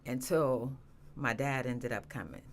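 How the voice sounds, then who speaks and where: A woman telling her personal story as a guest, earnest and halting, with many restarts and fillers. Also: very deep voice, a little hiss or hum. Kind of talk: emotional personal testimony.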